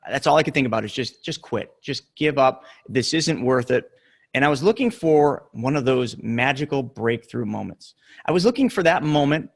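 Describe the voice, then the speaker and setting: A middle-aged man giving an earnest motivational talk, telling a story with emphatic pauses. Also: medium pitch. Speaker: real estate investor and coach.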